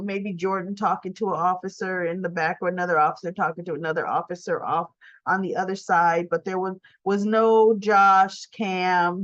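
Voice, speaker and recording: A woman's voice: medium pitch, no echo. A woman casually recapping a soap opera episode and acting out the characters' lines as she goes. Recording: dry, slightly dull recording.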